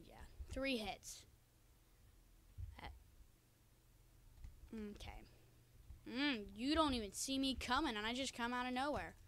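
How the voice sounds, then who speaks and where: A woman with a high voice chats excitedly to her viewers as she plays a game. She talks casually from a room at home, recorded on a cheap desk microphone. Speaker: gaming video creator. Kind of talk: casual Let's Play commentary.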